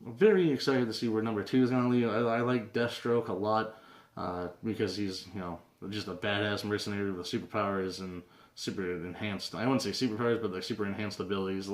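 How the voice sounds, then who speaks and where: Rambling young man with a low voice. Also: steady tone, brisk. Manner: rambling, many fillers and restarts. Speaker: comic book video host. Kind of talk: casual comic review vlog. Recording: roomy echo.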